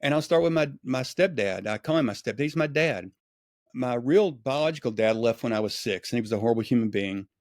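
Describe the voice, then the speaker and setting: A man tells stories as a podcast guest, animated and acting out quoted dialogue. His pitch is middling and the sound is close and dry. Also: fairly quick, no echo. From East Texas. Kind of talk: casual storytelling.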